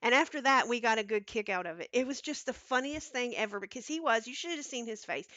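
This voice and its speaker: A woman's voice: fairly high pitch, animated, quick pace, fairly bright tone, dry recording, highs cut off. A woman hosting a home cooking stream, chatting and telling stories in a rambling way, often checking in with "okay?". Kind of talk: casual storytelling chat. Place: home kitchen.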